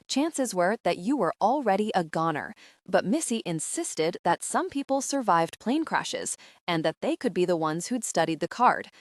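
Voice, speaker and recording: A woman narrating a young adult audiobook in the first person, steady and even. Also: mid-range voice, no echo, studio quality.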